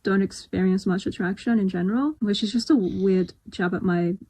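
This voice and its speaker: A woman in a clip explaining to viewers in a flat, matter-of-fact way. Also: mid-range voice, normal speed, no echo.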